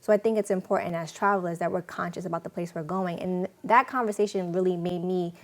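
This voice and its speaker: Ny woman hosting a talk show, lively storyteller, lots of mm-hmms. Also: fairly low pitch, quick pace. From New York City. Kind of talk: casual interview talk.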